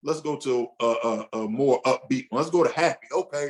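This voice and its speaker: A man's voice: medium pitch, brisk. A man leading a casual teaching session for a men's group, talking loosely with restarts and acting out what a husband might say to himself. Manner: conversational, loose, with frequent restarts and acted-out inner dialogue.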